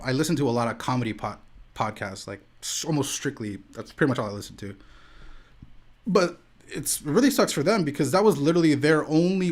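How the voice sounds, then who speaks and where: Laid-back rambling young man. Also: medium pitch. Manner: laid-back, rambling, heavy use of "like" and "dude". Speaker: streamer and podcast host. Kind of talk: casual chat on a live stream. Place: home room.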